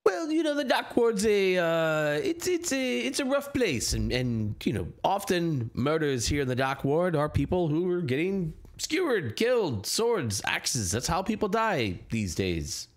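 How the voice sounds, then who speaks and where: A man's voice: on the high side, sing-song, measured pace, few pauses. A man voicing a blustering middle-aged Irish watch captain with a put-on Irish accent and evasive, bumbling reassurance.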